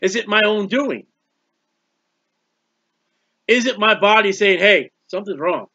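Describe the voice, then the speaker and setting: A man's voice: high voice, measured pace, no room sound, muffled recording. A man preaching a sermon, reading scripture aloud and explaining it, drawing out words for emphasis. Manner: expressive Bible reading with commentary, stretches words.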